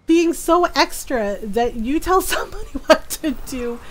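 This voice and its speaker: A woman's voice: high voice, unhurried. A middle-aged woman streaming a game, telling stories in a casual, laughing, playfully petty way. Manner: laughing, petty, animated storytelling. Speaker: livestreamer.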